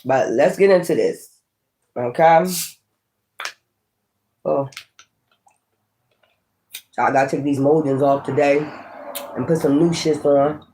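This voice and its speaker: Slow-talking man chatting while chewing. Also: on the high side, warm tone, slight background noise. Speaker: tarot reader. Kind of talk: casual tarot vlog chat.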